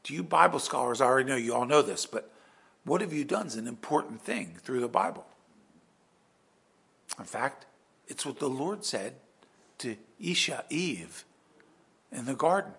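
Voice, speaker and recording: Male pastor, husky and bright-voiced, dramatic emphatic sermon style. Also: mid-range voice, expressive, moderate pace, pauses often. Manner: emphatic, dramatic storytelling, swings between hushed and loud.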